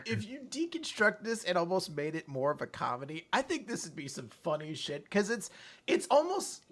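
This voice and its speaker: A man co-hosting a casual chat, excitable and sarcastic, who swears and raises his voice to make a point. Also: sits high, fairly quick. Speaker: co-host.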